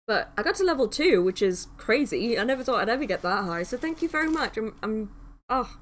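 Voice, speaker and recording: High-voiced woman streamer gushing thanks. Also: very animated, fairly quick, slight background noise. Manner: gushing, thanks viewers warmly, reads game text aloud. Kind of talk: live-stream game play and reading.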